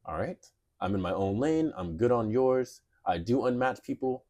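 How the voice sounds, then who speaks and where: A man's voice: medium pitch, lively intonation, moderate pace, darkish tone. A man co-hosting a casual comedy podcast, sarcastically reading and mocking dating profiles. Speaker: podcast co-host.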